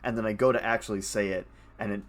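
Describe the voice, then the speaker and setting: Low-voiced dry-humored man. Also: steady tone, quick pace. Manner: dry, offhand joking. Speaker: podcast co-host. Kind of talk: casual chat.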